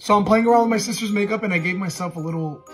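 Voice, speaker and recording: Young man, high voice, rapid playful setups, light music behind. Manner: quick, playful setup of pranks. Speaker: comedy short creator. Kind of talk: casual talk to camera.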